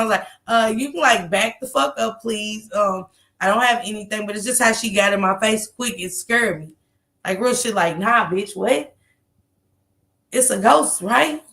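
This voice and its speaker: A woman in her thirties telling a story in casual chat, animated and profane, laughing often and acting out the people she quotes. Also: fairly high pitch, creaky. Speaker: storyteller recounting a street encounter.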